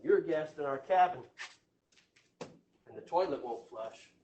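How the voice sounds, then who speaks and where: A man's voice: a little high, animated, a little slow, mellow, highs cut off, a little hiss or hum. A man giving a jokey, folksy orientation presentation to a room of new staff, checking in with the audience as he goes. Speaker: state parks presenter. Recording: echoey room, voice from far off.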